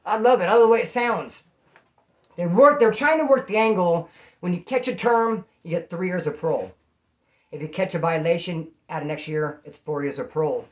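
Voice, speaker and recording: A man's voice: sits high, fairly quick. A man casually recounting his own story, with lots of slang, acting out other people's voices as he goes. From California. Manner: animated, slangy, acts out quoted voices.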